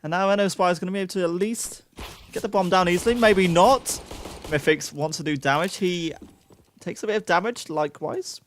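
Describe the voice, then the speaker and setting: Excitable young male esports caster. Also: high-pitched, quick pace, a little hiss or hum. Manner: excitable, self-mocking asides to chat. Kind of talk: live play-by-play commentary.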